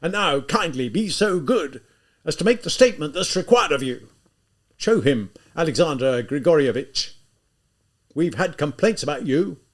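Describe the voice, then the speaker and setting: A man's voice: on the high side, animated, moderate pace, pitched above the performer's own voice. A man doing a bawling, hot-tempered lieutenant. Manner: shouting, bullying. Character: quick-tempered male police lieutenant, outraged, bawling.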